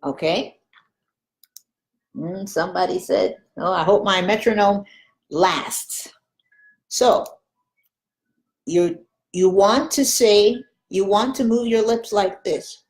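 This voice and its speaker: A woman's voice: mid-range voice, takes it slowly, pauses often, darkish tone. A woman teaching Spanish pronunciation in an online lesson, patiently modeling each sound and coaching the listener.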